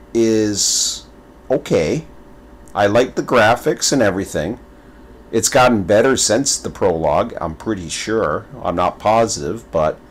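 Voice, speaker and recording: A man in casual gaming commentary whose pitch swings widely up and down as he talks. He rambles, stumbles and repeats words while telling his story. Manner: animated, playful storytelling. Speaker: gaming video creator.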